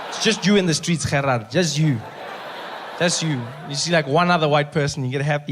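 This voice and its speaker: Stand-up man, lightly raised pitch, faint room hum. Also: a little fast. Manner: animated storytelling, big shouted character voices. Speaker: stand-up comedian. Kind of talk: stand-up comedy.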